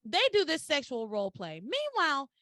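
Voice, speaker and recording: A woman hosting a podcast, recapping in casual chat as an animated storyteller with exclamatory asides. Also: sits high, normal speed, no echo, clean studio sound. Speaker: podcast host.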